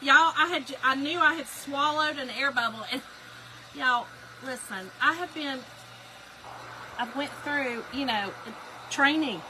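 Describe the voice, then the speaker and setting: Woman livestreaming, super bright voice, kinda high, storytelling to chat and laughing a lot. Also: a little slow, slight background noise. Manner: animated storyteller, talks straight to viewers; laughs often while telling a story. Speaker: livestream host.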